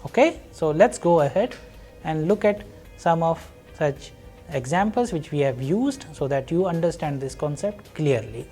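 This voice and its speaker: A woman teaching a recorded university lesson, explaining slowly and patiently and repeating each example. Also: low voice, sing-song, darkish tone, slightly rough, faint music behind. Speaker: language teacher.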